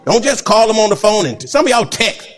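A man preaching a sermon, animated and laughing often, swinging between loud and soft. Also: sits high, quick pace, very noisy. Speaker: pastor.

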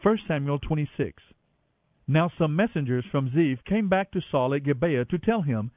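High-voiced man reading scripture. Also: no room sound. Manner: steady, measured narration. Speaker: Bible reader on radio. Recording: dry, tinny phone-like radio sound.

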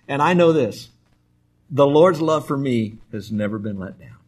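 Husky-voiced preacher telling stories. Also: male voice, mid-range voice, moderate pace, darkish tone. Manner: conversational, emphatic storytelling preacher. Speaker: pastor. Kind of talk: sermon.

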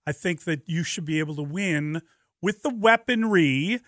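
A man's voice: fairly high pitch, moderate pace, dry recording, studio quality. A man hosting a sports talk radio show, making his points emphatically. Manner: emphatic, energetic. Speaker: radio host.

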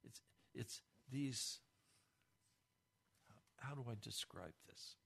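A man's voice: medium pitch, takes it slowly, creaky, a bit bright, slightly rough. A man preaching a sermon as pastor, earnest and blunt.

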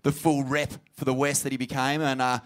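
A man's voice: mid-range voice, little pitch movement, brisk, clear, resonant tone. A man with an Australian accent co-hosting a live comedy podcast, hyped and sweary, trailing into fillers when he reminisces. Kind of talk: crude comedic surfer banter.

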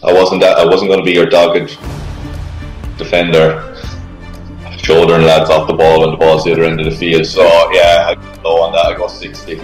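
A modest Irish man with a low voice, answering interview questions in a laid-back manner. His voice sounds roomy, with faint music behind it. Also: monotone, normal speed, pauses often. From Ireland. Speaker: guest.

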